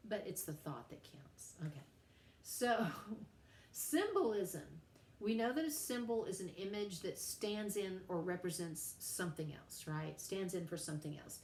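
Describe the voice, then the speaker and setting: A woman's voice: fairly low pitch, animated, measured pace, darkish tone. A middle-aged woman teacher giving a friendly, playful recorded lecture to her class. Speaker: writing teacher. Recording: roomy sound with faint background hum.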